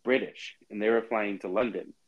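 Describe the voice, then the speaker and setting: A man co-hosting a podcast, telling stories in a chatty, dramatic, animated way. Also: on the low side, moderate pace, dull audio. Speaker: podcast co-host. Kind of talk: casual chat.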